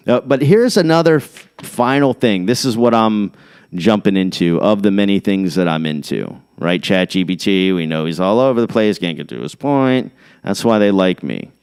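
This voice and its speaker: Rambling low-voiced man hosting a podcast. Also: a little mellow, clean tone. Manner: jumps between topics, thinks aloud; reads definitions aloud off the screen. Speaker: podcast host. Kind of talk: rambling casual monologue.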